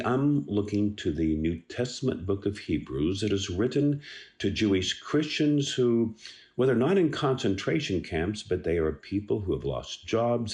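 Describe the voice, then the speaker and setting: A man giving an earnest devotional talk on a Bible passage, unhurried and repeating words as he starts his phrases. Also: deep voice, a little mellow. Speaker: radio devotional speaker.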